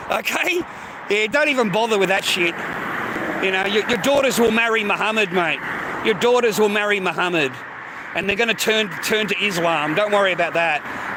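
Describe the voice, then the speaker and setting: A man's voice: high-pitched, background noise. A man delivering an angry, profane ranting monologue, repeating himself and tagging lines with mate and bro. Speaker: vlogger.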